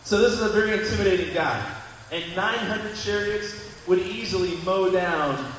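A man's voice: sits high, moderate pace, a bit bright, a little hiss or hum. A young man giving a sermon, speaking conversationally to the congregation and asking them questions. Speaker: pastor. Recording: echoey hall from far off.

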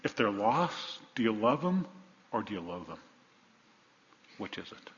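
A male pastor delivering a sermon, firing rhetorical questions at the congregation and swinging between loud emphasis and hushed asides. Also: on the low side, very animated, measured pace, slight background noise. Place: church sanctuary. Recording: dull lo-fi sound with long hall reverb.

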